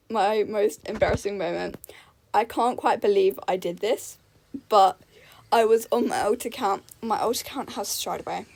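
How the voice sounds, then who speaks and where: A woman's voice: a little high, darkish tone, poor audio. A young woman telling gaming stories in a chatty, giggly way, full of "like" and "um". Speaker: gaming YouTuber. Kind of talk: casual storytelling over gameplay.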